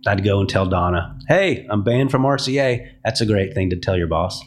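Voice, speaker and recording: Candid, low-voiced man telling stories. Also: animated, normal speed, few pauses, a little hiss or hum. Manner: candid storytelling, acts out quoted dialogue. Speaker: music publisher. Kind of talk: podcast interview.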